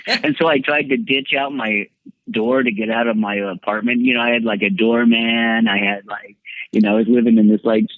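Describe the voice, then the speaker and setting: A man, a podcast guest, telling a candid personal story in a lively way, his voice leaping up whenever he quotes himself. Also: moderate pace, dry recording. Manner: animated storyteller, jumps high when quoting himself. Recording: dry, tinny phone-like line.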